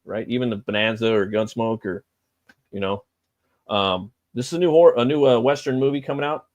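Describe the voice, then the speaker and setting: A man's voice: medium pitch, steady tone, fairly quick, a little mellow, no room sound, lo-fi sound. A middle-aged man hosting a live stream, chatting loosely and profanely with lots of fillers. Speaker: livestream host. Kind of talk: casual live-stream chat.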